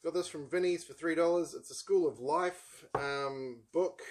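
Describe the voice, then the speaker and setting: A man's voice: on the high side, measured pace, heavy background noise. Rambling wry New Zealand man. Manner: rambling, wry, lots of ums and asides. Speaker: book channel host. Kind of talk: casual book haul chat.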